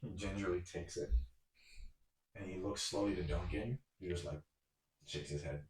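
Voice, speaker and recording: A deep-voiced man running a tabletop game, narrating scenes with lots of fillers and restarts. The room has a roomy echo. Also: normal speed, darkish tone. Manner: rambling, filler-heavy. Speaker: game master.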